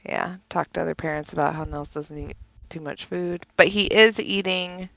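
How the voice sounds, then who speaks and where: A woman streamer chatting casually with friends, her voice low-pitched and gravelly with vocal fry. She tells stories in a lively, animated way, often laughing and swearing. The recording is dry and close. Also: moderate pace, no room sound. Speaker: streamer and mother. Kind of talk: casual chat while streaming a game.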